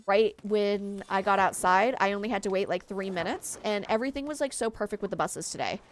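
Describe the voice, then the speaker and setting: A woman's voice: mid-range voice, a little fast, slight background noise. A woman game streamer, tired from lack of sleep, chatting in a rambling way full of fillers. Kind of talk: casual chat while streaming gameplay.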